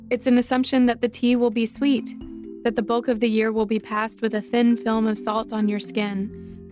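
Woman reading her essay over music. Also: on the high side. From Charlotte, North Carolina. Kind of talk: reading a personal essay aloud. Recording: voice over clear background music.

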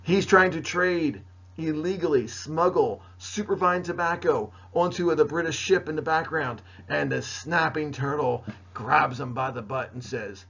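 Jokey male teacher, raspy, lo-fi lecture recording. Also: on the high side, measured pace, a bit bright. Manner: playful, jokey, talks straight to students. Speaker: history teacher. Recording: dull lo-fi recording.

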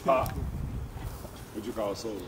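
A man's voice: lowish voice, fairly even intonation, measured pace. A man chatting casually and playfully with friends, joking and laughing. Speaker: guest. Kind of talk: casual chat. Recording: roomy, distant, noisy phone recording.

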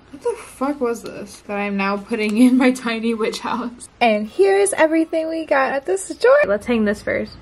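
A young woman chatting to herself as she works on a crafting vlog, often slipping into soft asides. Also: fairly high pitch. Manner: chatty, talks to herself while working, drops to soft asides. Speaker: crafting vlogger. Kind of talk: casual crafting vlog narration.

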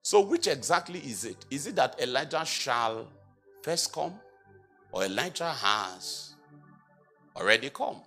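A male preacher with a bright, ringing voice gives a sermon in a church. His pitch swings widely as he reads scripture, quizzes the congregation and rises into loud, emphatic exhortation. Faint music sits under him. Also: big pitch swings. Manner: asks the congregation rhetorical questions and answers them himself; reads scripture aloud in old-fashioned language, slow and emphatic. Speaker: apostle preaching.

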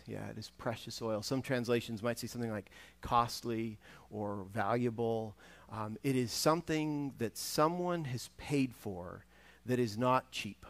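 A man, a guest preacher in a church, giving a conversational sermon with frequent restarts and acted-out voices from a parable. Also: mid-range voice. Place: church sanctuary.

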